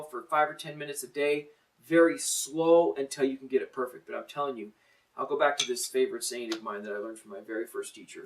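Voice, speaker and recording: A man's voice: a little high, recorded from a distance, poor audio. A man coaching a drum lesson. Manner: encouraging, plain-spoken, coaching. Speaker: drum teacher. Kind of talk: instructional lesson, counting in.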